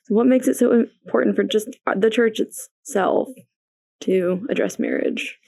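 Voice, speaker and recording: A woman's voice: mid-range voice, measured pace, vocal fry, darkish tone, breathy edge, no room sound. Woman podcast host asking questions.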